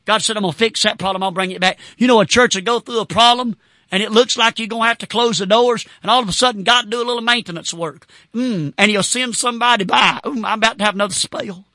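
A man preaching with fervor, breaking into shouts and whoops between his points. His voice sits high and sounds bright and tense. The sound is dry and close, with no room around it. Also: fast, no echo. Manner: fervent, shouting bursts and whoops. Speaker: Baptist pastor. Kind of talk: sermon.

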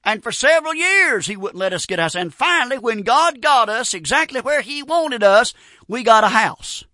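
A male preacher telling stories in a folksy sermon, with a very high, bright voice. He is animated and keeps dropping in amens. The sound is dry and close. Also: moderate pace, dry recording. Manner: folksy, repeats amen, animated storytelling.

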